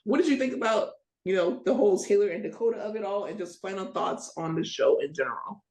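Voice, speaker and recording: A woman hosting a casual TV recap chat, blunt and animated, steering the talk and prompting the others for their final thoughts. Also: medium pitch, quick pace. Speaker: podcast host. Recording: echoey room.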